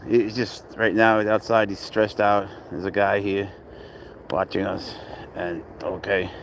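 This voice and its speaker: A man's voice: fairly low pitch, level tone, measured pace, a little hiss or hum. A man chatting casually in a park about his cat, rambling and easygoing, and tired from little sleep. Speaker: cat owner vlogger. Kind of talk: casual chat outdoors. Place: outdoor park with traffic nearby.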